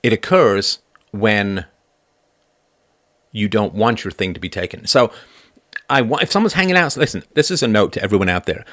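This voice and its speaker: A man hosting a livestream, talking through a moral argument in a casual, animated way. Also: lowish voice, dry recording, studio quality. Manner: animated, argumentative, acts out quoted voices. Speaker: livestream host. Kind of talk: casual philosophical monologue.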